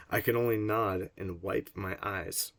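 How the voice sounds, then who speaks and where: A man's voice: lowish voice, steady tone, measured pace, vocal fry, a bit bright. A man reading a book aloud and breaking off into wry, digressive asides, laughing at his own jokes.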